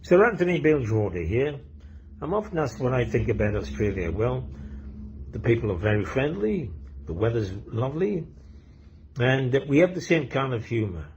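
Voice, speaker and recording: A man's voice: mid-range voice, sing-song, moderate pace, a little mellow, a little hiss or hum. A man telling comic anecdotes and reading a short poem, with a rambling delivery full of ums and uhs. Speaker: comedian and poet. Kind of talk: joke telling and poetry reading. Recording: dull lo-fi recording.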